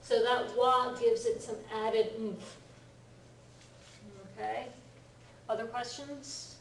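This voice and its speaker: A woman tutor explains grammar in an animated voice, a little high, acting out the examples she gives. She sounds far from the mic in an echoey room with faint background noise. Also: takes it slowly, creaky. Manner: animated, acts out example lines, laughs often. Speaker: Japanese teacher. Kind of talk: lively one-on-one lesson.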